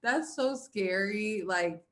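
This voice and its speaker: A woman hosts a casual interview, speaking slowly and deliberately. She mostly listens, offering short affirmations, then steps in with a thoughtful comment. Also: mid-range voice, a bit bright. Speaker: interview host.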